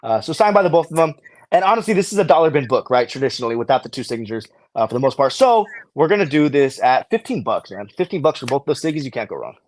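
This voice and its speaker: A man co-hosting a live comic book claim sale, laughing often and swearing casually as he pitches books. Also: big pitch swings, fast, dry recording. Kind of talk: casual live-stream banter and sales.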